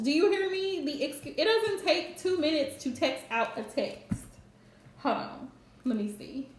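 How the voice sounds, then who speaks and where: Woman, tarot reader on a live stream: high voice, unhurried, blunt and emphatic delivery. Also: reverberant. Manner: blunt, emphatic, chatty with viewers. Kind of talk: casual live-streamed reading. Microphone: streaming setup.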